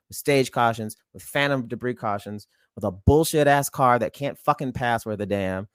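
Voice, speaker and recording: A man's voice: mid-range voice, dry recording, studio quality. A man co-hosting a podcast, ranting in an exasperated, profane rush about a bad call. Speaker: podcast co-host. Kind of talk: heated ranting podcast talk.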